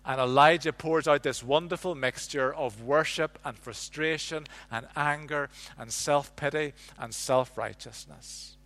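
A man preaching a sermon, telling the story with lively ups and downs and dropping to a hush for quiet lines. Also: a little high, a little slow, few pauses. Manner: animated storytelling, drops to a hush on quotes. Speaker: pastor.

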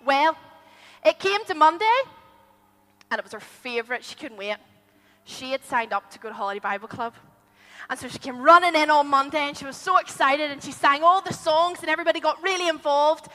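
A woman telling a story to a group of children, animated and asking them questions as she goes. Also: sits high, fairly quick. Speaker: children's storyteller at a church holiday club. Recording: long hall reverb.

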